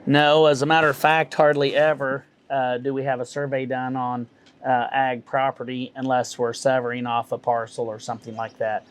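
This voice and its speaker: A middle-aged man, a realtor and auctioneer answering interview questions in a measured, folksy way with many fillers. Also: mid-range voice.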